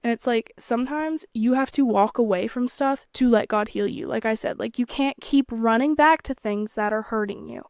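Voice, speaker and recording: Young woman host, chatty and earnest, fairly high voice, dry close sound. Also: moderate pace, hardly any pauses, a little mellow, dry recording. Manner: chatty and earnest, frequent fillers, playful asides. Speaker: podcast host. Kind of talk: faith talk monologue.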